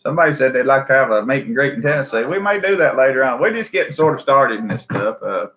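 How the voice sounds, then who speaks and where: A man's voice: mid-range voice, expressive, fast talker, fairly bright tone. A man with a Southern US accent co-hosting a casual livestream, easygoing and hesitant with many fillers. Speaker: livestream co-host.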